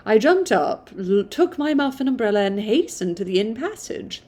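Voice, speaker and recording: A woman's voice: on the high side, sing-song, moderate pace, few pauses, warm tone. A woman reading a classic novel aloud, stumbling now and then and stopping for casual asides. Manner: stumbles and restarts, self-commenting.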